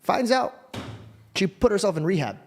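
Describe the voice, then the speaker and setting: A man's voice: high-pitched, sing-song, moderate pace. A man hosting a podcast, telling stories in casual, slangy talk, earnest and often swearing. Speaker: podcast host. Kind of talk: casual storytelling chat.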